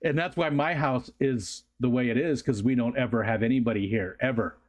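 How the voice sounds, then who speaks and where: Easygoing man chatting on a home livestream. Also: fairly quick. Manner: rambling, easygoing, many fillers; rises to a high sing-song baby voice when talking to his dog. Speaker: livestream host. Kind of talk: casual chat reading viewer comments. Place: home room.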